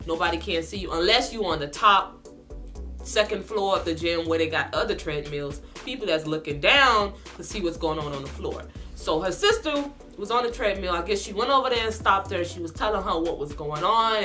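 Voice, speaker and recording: Bright indignant woman telling a story. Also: fairly low pitch, fairly quick, faint music behind. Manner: animated, indignant retelling. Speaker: vlogger. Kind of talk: storytime vlog.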